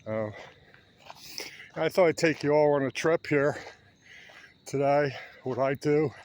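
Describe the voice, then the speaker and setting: Man, 70s, unhurried chatty vlogger on a park walk, faint outdoor hiss. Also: fairly high pitch, darkish tone. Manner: chatty, rambling, talking while walking. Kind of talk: casual walking vlog.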